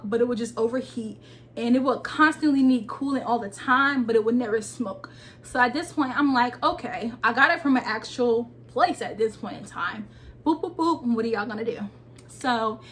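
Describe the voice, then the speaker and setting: A woman in her twenties telling a personal story to her viewers in a casual, animated vlog. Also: a little high, a little hiss or hum. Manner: animated, talks straight to viewers with "y'all". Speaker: lifestyle vlogger.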